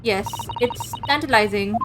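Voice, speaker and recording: A woman's voice: on the high side, unhurried, over music, low-quality recording. Playful woman reading a game aloud. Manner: playful, chatty asides. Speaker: gamer playing a visual novel. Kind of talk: casual let's-play commentary and reading aloud.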